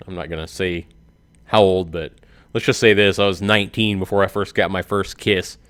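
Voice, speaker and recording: A man's voice: deep voice, fairly even intonation, moderate pace, fairly bright tone, smooth, dry recording. A man in his forties, a YouTuber giving a rambling comedic monologue and laughing at his own jokes. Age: 40s.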